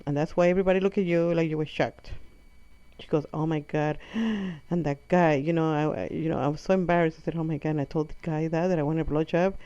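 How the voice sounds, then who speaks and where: In a comic monologue, a woman with a non-native English accent spins a rambling story, correcting herself as she goes and performing her mother's lines. Her low voice stays steady and warm at a quick pace. The muffled lo-fi recording has no room sound.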